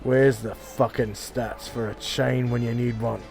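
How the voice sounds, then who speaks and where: A man's voice: medium pitch, little pitch movement, unhurried, vocal fry, a little mellow, soft background music. A man running a tabletop game as game master, loose and profane, often muttering to himself. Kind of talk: narrating a tabletop game stream.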